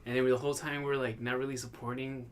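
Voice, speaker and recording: A man's voice: mid-range voice, racing, slight background noise. A man co-hosting a podcast, casual chat, telling stories and acting out what people said. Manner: animated storytelling with acted quotes. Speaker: podcast co-host.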